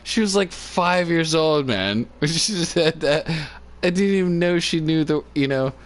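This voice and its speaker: A man chatting casually on a livestream into a phone, laughing often and talking in loose, halting, filler-filled sentences. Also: on the high side, animated. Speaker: live streamer. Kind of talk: rambling casual chat. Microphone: phone on a cord.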